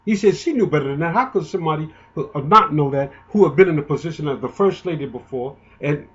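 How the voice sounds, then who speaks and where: A man's voice: fairly high pitch, expressive, quick pace, muffled recording. A man giving an indignant, emotional, rambling political monologue, often restarting his sentences. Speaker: political commentator.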